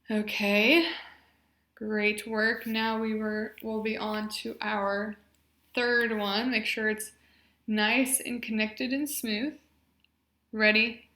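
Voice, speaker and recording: A woman talks very slowly and deliberately as she leads a voice exercise class, cheering the group on between drills. Her voice is bright and crisp, pitched a little high for a woman. The room around her is echoey. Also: steady tone. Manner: encouraging, slow and clearly paced instructions. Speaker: speech therapy exercise leader.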